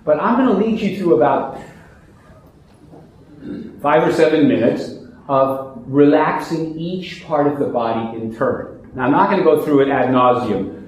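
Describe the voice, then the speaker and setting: A man teaching a mindfulness meditation class, explaining calmly and often restarting his sentences. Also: a little high. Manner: calm, explanatory, with frequent restarts. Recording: very echoey room, faint noise.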